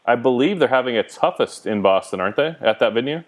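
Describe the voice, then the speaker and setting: A man hosts a relaxed call-in podcast and keeps the conversation moving with quick, curious questions. He talks at a fast clip in a middle-range voice. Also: medium pitch. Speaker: podcast host. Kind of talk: casual call-in chat.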